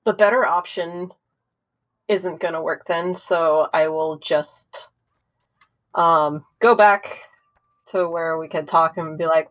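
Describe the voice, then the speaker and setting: A woman's voice: on the low side, steady tone, takes it slowly, long pauses, fairly bright tone. A woman playing a tabletop game, casual and blunt with hesitant fillers and some swearing. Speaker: player.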